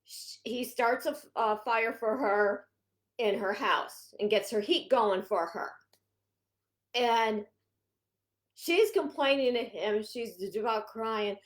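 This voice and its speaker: A woman's voice: on the high side, slow. A woman who works as a home organizing consultant, talking to her viewers in a chatty, rambling way with frequent restarts. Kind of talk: casual vlog talk.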